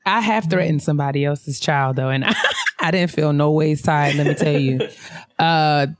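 Casual podcast host, woman, lower voice, dry close sound, animated storyteller. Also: normal speed, no room sound. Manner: animated, acts out other people's voices.

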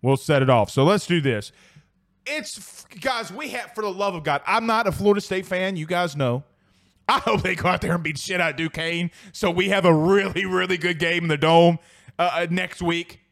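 A sports show host from South Louisiana, talking with the accent of that region. He rants hot and profane, reading live chat comments between jabs. His voice sits somewhat high for a man. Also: normal speed, gravelly, a bit bright. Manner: heated, profane, fired-up ranting.

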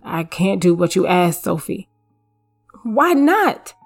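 Brief: worn-out, controlling husband, low and flat, evasive, played by a woman narrator. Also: takes it slowly, faint music behind, exaggerated voice. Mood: weary. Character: weary controlling husband, secretive and stubborn.

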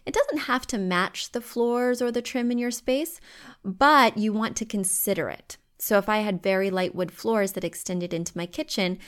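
A woman hosting a podcast from home, giving chatty, emphatic design advice. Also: mid-range voice.

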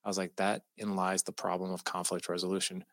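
A middle-aged man appears as a podcast guest, telling a personal story in casual conversation with a deep voice at a quick pace. He's animated and acts out the voices of the people he quotes, with no echo on the recording.

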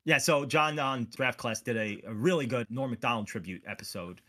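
A man's voice: mid-range voice, a little fast. A man co-hosting a podcast in casual chat, retelling a story and acting out bits of dialogue. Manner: animated, acts out scenes in quotes. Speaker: podcast co-host.

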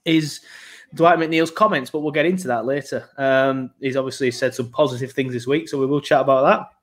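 A man's voice: medium pitch, fairly even intonation, a little fast. A young man hosting a casual football podcast, rambling with frequent ums. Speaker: podcast host.

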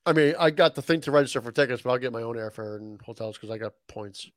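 A man's voice: medium pitch, fast talker. A man co-hosting a casual sports chat, laid-back and dropping dry quips. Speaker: podcast co-host.

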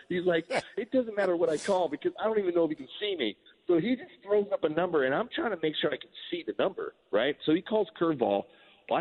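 A man in his forties, a former pitcher, telling a story in a casual, rambling way, full of "like" and restarts. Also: husky. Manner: rambling, animated, heavy use of "like". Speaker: former baseball pitcher, guest. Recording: tinny phone-like line with long reverb.

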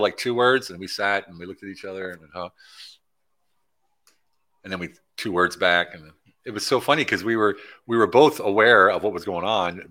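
A man from Pennsylvania, a guest in a casual interview, telling animated stories and acting out the dialogue of people he met. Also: deep voice. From Pennsylvania, USA.

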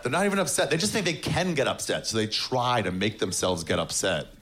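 A man doing a stand-up comedy set in front of a live audience, with a deadpan, sarcastic delivery. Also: mid-range voice, brisk, a crowd in the background, noisy background. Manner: deadpan, sarcastic, mocking voices of others.

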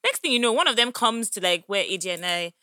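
A woman, telling a story in a casual chat and acting out the quotes loudly. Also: mid-range voice, expressive, fast talker, no room sound, studio quality.

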